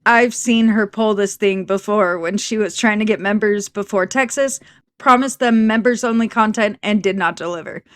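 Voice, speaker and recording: A woman's voice: medium pitch, moderate pace, a bit bright, no echo. A woman commentator giving sarcastic remarks over clips, dry and mocking with wry asides.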